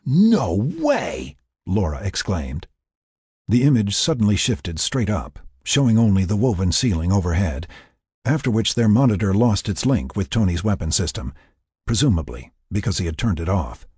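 A low-pitched man reads a story aloud with lively, swinging intonation. His tone is very husky and breathy, recorded close in a dry space. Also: moderate pace, no echo. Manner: expressive, storytelling. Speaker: narrator. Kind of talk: audiobook narration.

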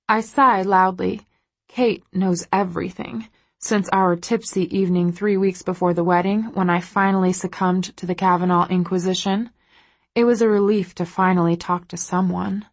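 A woman's voice: lowish voice, no room sound. A woman narrating a first-person audiobook in an intimate, emotive way.

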